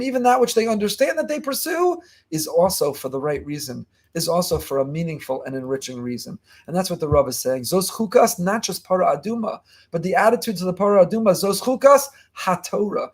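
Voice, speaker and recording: A man giving a fast, emphatic Torah lesson as a rabbi, repeating key phrases. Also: high voice, animated. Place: online class.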